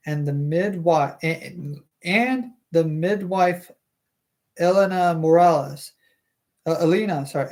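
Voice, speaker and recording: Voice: mid-range voice, darkish tone. A streamer reading a novel aloud live, tripping over hard words, correcting themselves, and breaking off for chatty asides.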